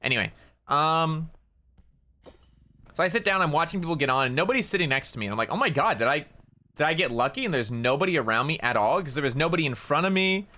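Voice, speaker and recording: A man with a bright, forceful voice chatting casually as he streams a game. He rambles through an anecdote, stammers and repeats words, and drops swear words without a second thought. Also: a little high, animated, fast talker. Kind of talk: casual storytelling while gaming.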